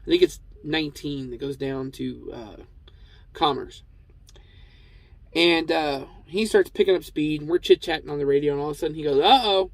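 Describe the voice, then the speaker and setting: A truck driver telling a casual, rambling story, with lots of fillers and restarts. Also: male voice, a little high, normal speed, no room sound, low-quality recording.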